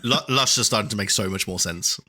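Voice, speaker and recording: A man in his thirties co-hosting a podcast in casual chat, laughing often and talking excitably. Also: lowish voice, fast talker, slight background noise. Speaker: podcast co-host.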